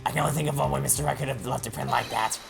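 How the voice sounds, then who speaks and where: A man's voice: mid-range voice, steady tone, creaky, over loud music. A man reading the lines of a smug, condescending older male prosecutor in a patronizing tone. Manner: patronizing, slow chuckle.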